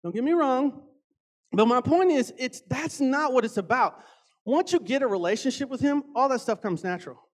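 A man with a strikingly high voice delivers an earnest sermon in a church. He speaks with emphatic conviction as a lay preacher and father. He often repeats a phrase to drive it home. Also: animated, moderate pace.

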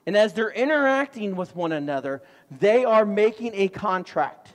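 A middle-aged man preaching a sermon, telling stories in an animated way with sudden loud outbursts. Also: sits high, moderate pace. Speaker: pastor. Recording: long hall reverb.

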